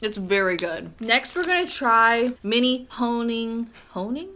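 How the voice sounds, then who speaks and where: An American woman vlogging at home, chatting casually while unboxing and taste-testing treats, with gushing, excitable exclamations. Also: a little high, a little slow, a little hiss or hum. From United States.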